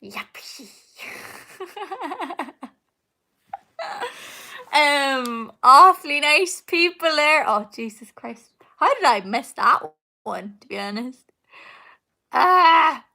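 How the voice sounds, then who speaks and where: A young woman, a singer hosting a live Q&A from home, answers stream comments in a high, gravelly voice that is pushed and bright. Her intonation is lively but her pace is slow, with long pauses, and she rambles casually with lots of fillers and laughs.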